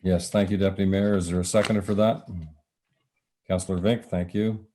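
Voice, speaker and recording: A man with a Canadian accent chairing a council meeting as mayor, speaking haltingly with many filler pauses and a voice he is losing. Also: low-pitched, flat delivery, mellow, slight background noise. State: losing his voice.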